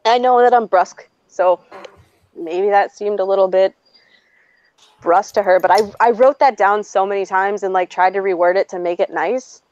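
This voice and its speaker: A woman co-hosting a podcast, telling a story in a casual, animated way with plenty of swearing and acted-out quotes. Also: mid-range voice, dry recording, muffled recording. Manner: animated, profane, quick to act out quotes. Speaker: podcast co-host.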